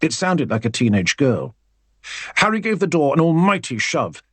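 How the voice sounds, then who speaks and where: A man narrating an audiobook in a wry, expressive storytelling manner. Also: on the high side, normal speed, slightly rough, no room sound.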